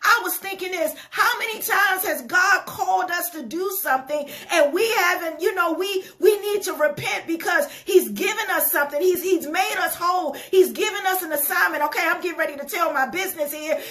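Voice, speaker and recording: Woman, sermon, impassioned preaching, very high voice, bright and forceful tone. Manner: conversational asides to the listeners. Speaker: ministry leader.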